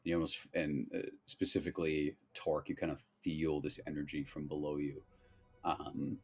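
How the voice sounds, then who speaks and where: A man narrating a tabletop game as game master, in a loose, relaxed way with lots of fillers. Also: extremely low pitch, moderate pace, slightly rough.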